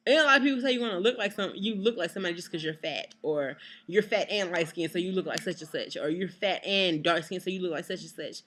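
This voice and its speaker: A woman's voice: mid-range voice, brisk, a bit bright. A young woman, ranting to camera in a casual vlog, blunt and exasperated, swearing freely. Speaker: vlogger.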